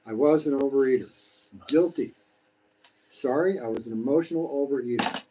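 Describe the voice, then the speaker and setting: A man's voice: medium pitch, normal speed, dark tone, breathy edge, low-quality recording. A man in his sixties from the United States, talking bluntly and preachily in a casual live-stream while eating, swearing freely. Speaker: vlogger. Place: home in the Philippines.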